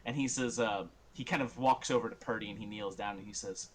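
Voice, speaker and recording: A man's voice: lowish voice, brisk, husky. A man running a tabletop game as game master, narrating loosely with laughs and swearing.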